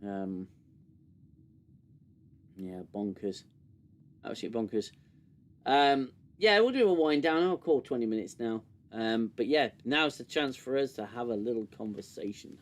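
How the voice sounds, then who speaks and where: A man's voice: medium pitch, lively intonation, a little slow, pauses often. A British man hosting a casual livestream and reviewing a show, rambling with many fillers and restarts into a desk mic. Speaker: livestream host.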